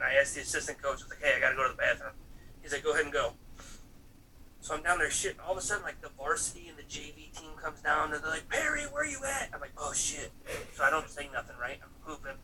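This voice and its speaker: Bright-voiced man telling an animated story. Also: distant mic, slight background noise, low-quality recording. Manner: animated, jumps into high voices for quotes. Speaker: podcast co-host. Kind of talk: casual storytelling chat.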